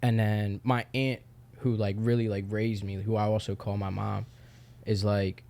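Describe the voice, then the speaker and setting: A young man with a somewhat low voice talks as a podcast guest. His speech is loose and candid, full of filler and casual swearing. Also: flat delivery, moderate pace, vocal fry, warm tone. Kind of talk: casual chat.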